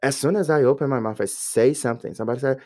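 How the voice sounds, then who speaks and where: A man in his forties from Brazil, speaking English with a Brazilian accent as a Portuguese native speaker. He is a guest in a casual podcast interview, telling lively stories as an English teacher. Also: mid-range voice, very fast. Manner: lively storyteller who acts out quoted voices.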